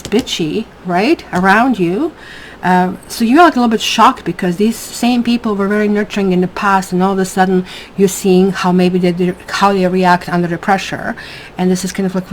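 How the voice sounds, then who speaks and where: A woman's voice: medium pitch, a little hiss or hum, poor audio. Woman, tarot reader, casual forecast, chatty, emphatic, home table. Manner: chatty and emphatic, keeps asking "right?".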